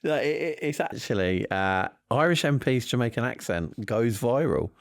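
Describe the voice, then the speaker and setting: A man hosting a comedic news quiz podcast, joking in deadpan asides. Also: medium pitch, moderate pace, creaky, no echo, clean studio sound. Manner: jokey, deadpan asides, frequent laughter. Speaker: quiz host.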